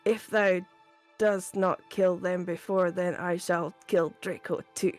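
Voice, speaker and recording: A woman voicing an evil male dark wizard during a comedic reading, in a mock-sinister tone. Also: lowish voice, fairly even intonation, slow, faint music behind. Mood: mock menace.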